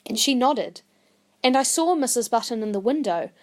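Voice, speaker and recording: A woman voicing an older Māori woman, earnest and indignant, speaking higher and pleading. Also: animated, moderate pace, lightly acted. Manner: pleading, rising and emphatic.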